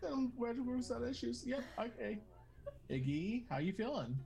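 A woman's voice: fairly high pitch, sing-song, moderate pace, creaky, mellow. A woman playing a tabletop game, laid-back, with playful asides. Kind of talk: casual tabletop game chat.

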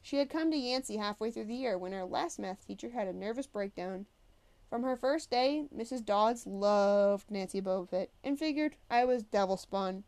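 A woman reads a novel aloud in the first person. Her storytelling is lively and expressive. Her voice sits at an everyday pitch. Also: moderate pace. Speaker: audiobook reader.

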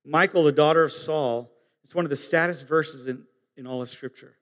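A man preaching a sermon, earnest and halting, swinging from emphatic high peaks down to soft low asides. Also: in a large hall. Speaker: pastor.

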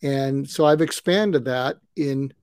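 A man in his mid-seventies, a retired psychiatrist turned conflict coach, calmly explaining techniques as a podcast guest and acting out sample dialogue. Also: medium pitch, slow, dry recording. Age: 70s. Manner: calm, advice-giving, acts out sample dialogue.

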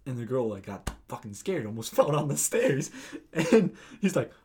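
A man's voice: medium pitch, moderate pace, husky. A young man co-hosting a casual podcast, telling stories animatedly with plenty of swearing and laughter. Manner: swears a lot, laughs often, animated storytelling. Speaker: podcast co-host. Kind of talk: casual chat.

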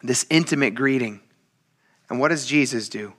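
Guy preaching a sunday sermon, bright voice, loose and jokey, acts out the quotes. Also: mid-range voice, moderate pace. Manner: casual, joking preaching with acted quotes. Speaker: pastor.

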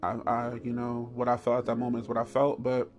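A man hosting a podcast, telling a story in a candid, animated and profane way. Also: brisk, dull audio. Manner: animated, profane storytelling with high squeals and laughs. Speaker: podcast host.

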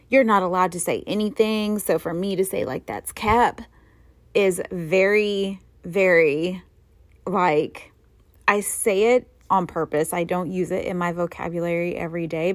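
A woman's voice: medium pitch, dry recording. Middle-aged woman telling a rambling story. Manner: rambling, self-mocking storytelling with frequent laughs. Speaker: podcast host. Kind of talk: casual chat.

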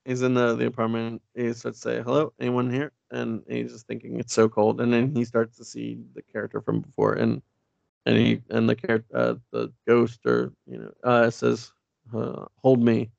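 A man's voice: medium pitch, steady tone, normal speed, vocal fry, a little mellow, no room sound, highs cut off. A man co-hosting a casual podcast chat, recapping a comic and reading its dialogue aloud with many fillers. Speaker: podcast co-host.

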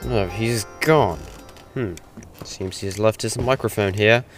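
A man's voice: fairly low pitch, slow, faint music behind. A man playing an earnest, unsure young junior innkeeper in an audio drama, talking in a hesitant, rambling way full of ums and restarts. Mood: puzzled. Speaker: stand-in host. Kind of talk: hobby audio drama monologue.

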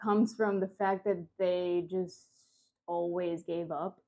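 A woman's voice: fairly low pitch, fairly even intonation, slow pace, highs cut off. A woman co-hosting a podcast, laughing and swearing in casual chat. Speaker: podcast co-host.

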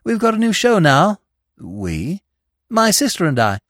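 A man's voice: high-pitched, huge pitch swings, a little slow, fairly bright tone, no echo, clean studio sound, voice pushed up, full character voice. A man voicing a brash, teasing young actress who talks in a chatty, slangy way, read as an audiobook character.

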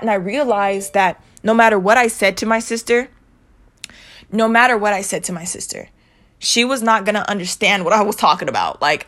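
A young woman vlogger telling a personal story to her viewers in a blunt, emphatic way, swearing freely and repeating herself. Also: mid-range voice. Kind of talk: casual storytime vent.

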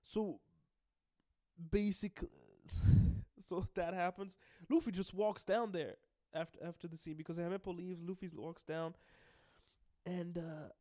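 A man's voice: high voice, steady tone, a little slow, dark tone, dry recording, studio quality. A young man rambling through a casual story recap, restarting often, swearing and laughing as he goes. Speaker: video host.

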